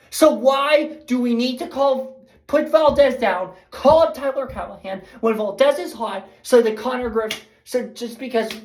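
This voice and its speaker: A woman giving a casual, rambling, fired-up baseball recap as host of a fan show. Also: a little high. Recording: echoey room.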